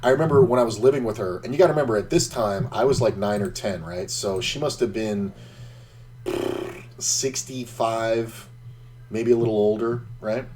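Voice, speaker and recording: A man's voice: lowish voice, a little mellow, slight background noise. A man streaming an online poker game, casually telling a rambling, profanity-laced story between hands.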